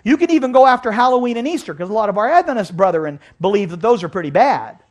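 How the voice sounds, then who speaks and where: A man giving an animated sermon-style Bible lecture, asking his audience rhetorical questions. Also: high-pitched, fast talker. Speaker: Bible teacher.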